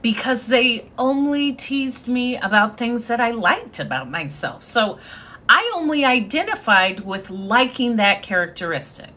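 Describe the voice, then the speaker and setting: A woman's voice: on the high side, big pitch swings, unhurried, pushed and bright. A woman giving a confident, sassy motivational talk on a live stream, thanking her viewers as she speaks. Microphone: phone.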